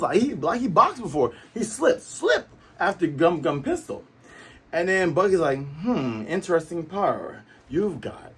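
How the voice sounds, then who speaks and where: A man recapping a comic chapter in a casual, animated way, full of sound effects. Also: a little high, slightly rough. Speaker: manga reviewer.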